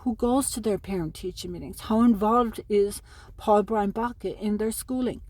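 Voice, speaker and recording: An aggrieved, pleading mother from Ireland, middle-aged, addresses her sons straight to camera in an emotional custody plea recorded at home in New Mexico. She has a mid-range, darkish voice at a moderate pace, with no echo.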